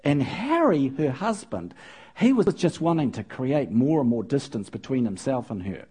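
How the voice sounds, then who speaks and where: A woman's voice: extremely low pitch, sing-song, normal speed, dark tone, breathy edge. A woman preaching to a congregation, telling a story with playful asides to the audience. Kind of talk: sermon with storytelling.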